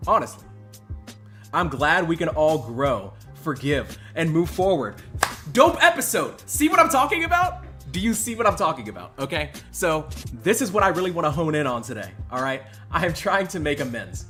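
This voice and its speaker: A man hosting a livestream, mock-emotional, jumping between loud outbursts and hushed mumbling. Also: fairly high pitch, big pitch swings, moderate pace, faint music behind. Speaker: host. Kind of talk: livestream commentary.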